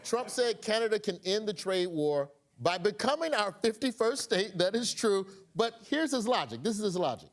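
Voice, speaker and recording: A man's voice: sits high, sing-song, moderate pace, few pauses. A man hosting a satirical news show with a punchy, joking delivery. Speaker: comedy news host.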